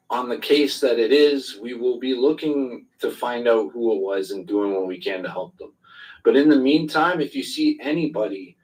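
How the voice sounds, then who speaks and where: Calm, consoling man heard from afar. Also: mid-range voice, distant mic, low-quality recording. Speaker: Twitter space participant. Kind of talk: group voice chat.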